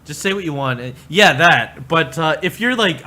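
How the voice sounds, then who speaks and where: A man's voice: on the high side, expressive, normal speed, sharp tone. A man ranting crudely on a livestream, rambling and mocking, often laughing. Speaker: streamer.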